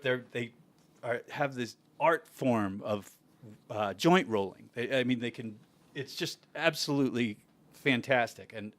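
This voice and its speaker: A man, a guest musician on a podcast, telling a casual story in an animated way, laughing and acting out what people said. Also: medium pitch. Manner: animated, acts out quotes with laughter.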